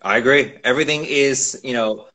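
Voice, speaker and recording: A man guest in a casual chat, talking earnestly and lively over a video call. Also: medium pitch, normal speed. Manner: earnest, lively, mimics others in quotes. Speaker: guest, actor.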